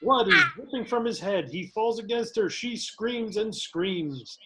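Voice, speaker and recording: A man's voice: high-pitched, animated, unhurried, background noise. A man reading the stage directions aloud in a casual table read, laughing and stumbling now and then. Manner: reads narration with laughs and slips.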